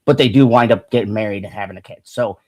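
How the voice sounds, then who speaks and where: A man co-hosting a casual review podcast, talking fast and animated, swearing freely and laughing often. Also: on the low side. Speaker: podcast co-host.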